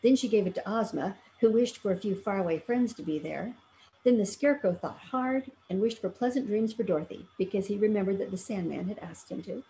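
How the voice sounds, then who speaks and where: A woman reading a children's story aloud, with gentle, measured storytelling. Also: mid-range voice, slight background noise, poor audio. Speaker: story reader for a fan club.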